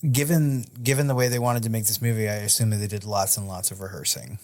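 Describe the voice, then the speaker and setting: Man, podcast co-host, casual chat, lowish voice, keeps asking "right?". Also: quick pace, darkish tone. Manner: conversational, often ends a point with "right?".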